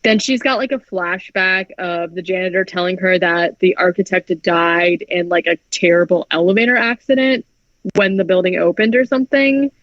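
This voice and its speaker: A woman's voice: on the low side, normal speed, dry recording. Chatty woman recapping a film, dry lo-fi sound. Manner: chatty, heavy "like" filler, frequent swearing. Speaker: podcast co-host. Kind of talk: casual movie recap chat. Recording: dry, dull lo-fi podcast audio.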